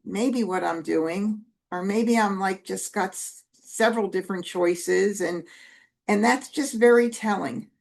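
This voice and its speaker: A woman's voice: mid-range voice, gravelly. A woman teaching Mah Jongg strategy in a casual, chatty way, correcting herself and adding asides as she plays. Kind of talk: casual teaching while playing.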